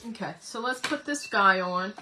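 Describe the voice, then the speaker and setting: A woman's voice: medium pitch, animated, normal speed, noisy background. A woman, chatting, giggling and rambling as she hosts a home craft livestream and reads viewer comments. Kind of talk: casual chat while crafting.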